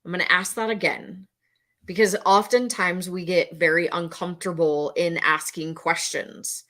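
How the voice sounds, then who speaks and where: A woman's voice: fairly low pitch, steady tone, moderate pace, a bit bright. A middle-aged woman teaching as a mental health educator, earnest and repetitive, now and then acting out a panicked voice. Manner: earnest, repeats key phrases, acts out panicked voices. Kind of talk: instructional talk to camera.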